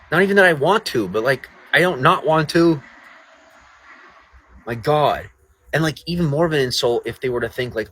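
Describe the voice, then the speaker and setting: A man's voice: fairly high pitch, animated, moderate pace, long pauses, fairly bright tone, slightly rough, low-quality recording. A man live-streaming outdoors at night in the rain, ranting in a profane and sarcastic way to his chat. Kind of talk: late-night livestream rant.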